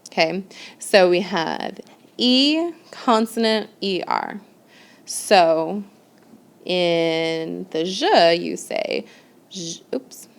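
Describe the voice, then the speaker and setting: A woman's voice: fairly low pitch, sing-song, drawn-out words, vocal fry. A woman teaching French grammar in a recorded lesson. She explains step by step and often checks in with "okay?".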